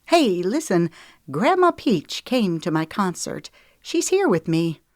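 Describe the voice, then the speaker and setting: Woman reader playing a young singer, plain and steady, dry close mic. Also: medium pitch, slow pace, no room sound. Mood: brisk.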